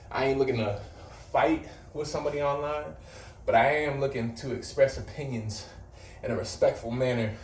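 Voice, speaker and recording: A man's voice: medium pitch, far from the mic. Blunt, slangy man vlogging in a roomy space. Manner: blunt, swearing, slangy and boastful. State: a little out of breath. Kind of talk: casual direct-to-camera vlog talk. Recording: roomy sound from off the mic with faint background noise.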